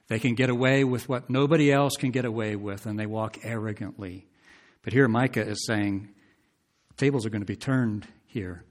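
A man with a fairly low voice, speaking at a moderate pace, preaches an expository sermon in a conversational style. He asks his listeners questions and reads scripture aloud with rising emphasis.

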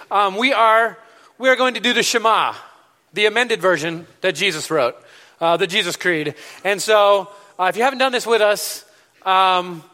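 A man preaching a relaxed, chatty sermon, full of fillers and restarts. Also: sits high. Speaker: pastor. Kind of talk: casual sermon. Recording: reverberant hall.

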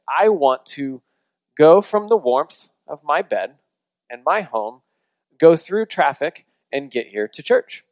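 A man's voice: fairly high pitch, lively intonation, a little slow, dry recording, poor audio. A man preaching a sermon as a pastor, telling a story in a conversational way with frequent restarts before leading into prayer.

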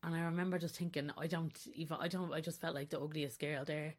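A woman's voice: low-pitched, fairly even intonation, quick pace. A woman in her forties hosting a podcast, talking candidly and confessionally about herself and often breaking into laughter. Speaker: podcast host. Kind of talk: personal podcast monologue.

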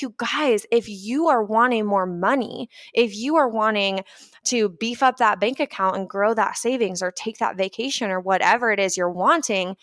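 A woman hosting a casual motivational talk, chatty and animated, often acting out little scenes and dotting her speech with filler words. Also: a little high, no room sound, studio quality. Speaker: podcast host.

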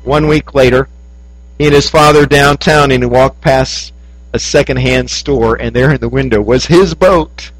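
A man preaching a sermon, telling a story that rises high and then drops soft. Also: moderate pace, dry recording, low-quality recording.

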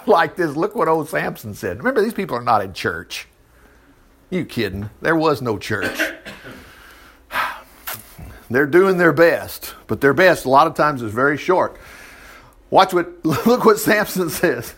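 A male preacher with a lilt retells a scripture story in sermon style. His voice sits a bit high for a man and swings up and down a lot as he acts out quotes and drops in asides. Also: sing-song, a little slow, a bit bright. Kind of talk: sermon, reading and commenting on scripture.

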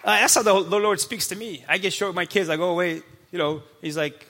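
Man in his thirties, high bright voice, energetic preacher, echoing church hall. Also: fairly quick, few pauses. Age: 30s. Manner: energetic, playful, acts out God's voice. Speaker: pastor. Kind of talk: sermon. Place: church sanctuary. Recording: long hall reverb.

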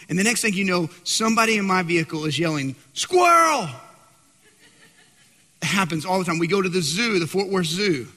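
Bright, high-voiced preacher in a hall. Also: male voice. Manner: dramatic, swings from loud to hushed. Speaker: pastor. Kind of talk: sermon.

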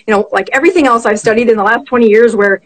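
A middle-aged woman, a physician guest, telling a personal story in conversation, animated and quick to laugh. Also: on the high side, low-quality recording.

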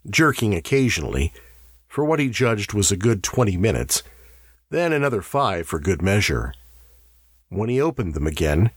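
A man reading a story aloud in a measured, expressive way. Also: on the low side, slightly rough, no echo, studio quality. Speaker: narrator. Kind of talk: audiobook narration.

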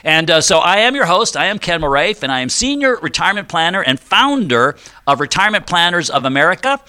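A middle-aged man hosts a finance show on studio radio, chatty and fond of jokes. His voice sits a bit high for a man and sounds bright and forceful. He explains step by step, with many ums and restarts. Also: big pitch swings, brisk, smooth. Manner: chatty, jokey, explaining step by step with frequent fillers. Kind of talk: conversational radio talk.

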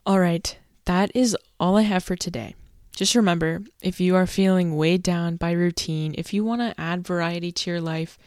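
A woman's voice: fairly low pitch, steady tone, normal speed, darkish tone, no room sound, studio quality. A young woman hosting a solo podcast, chatty and self-deprecating, laughing as she tells her stories. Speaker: podcast host.

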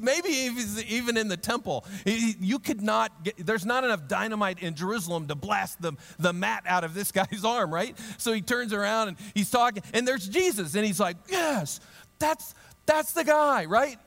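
Animated, humorous male pastor preaching in a reverberant hall. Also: creaky. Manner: animated and humorous, acting out the story in voices; drops to a low, quiet, earnest tone. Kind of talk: sermon.

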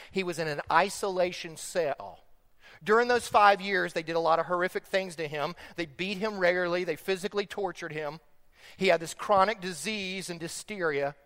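Pastor, male, very high voice, emphatic delivery that rises loud and drops quiet, in a reverberant sanctuary. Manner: emphatic preaching that swings between loud stressed phrases and quiet slow ones. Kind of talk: sermon. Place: church sanctuary.

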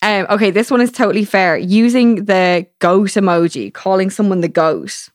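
A woman's voice: moderate pace, no room sound. Young woman, chatty and sweary, dry close sound. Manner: chatty, swears a lot, laughs often, high baby-talk impressions. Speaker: podcast host. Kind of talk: casual chat.

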